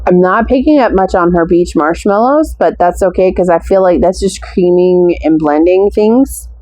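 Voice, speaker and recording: A woman's voice: on the low side, mellow, dry recording, rough recording. An American woman chatting casually through a scent haul, gushing and stretching out her descriptive words. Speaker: wax melt haul reviewer. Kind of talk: casual product review chat.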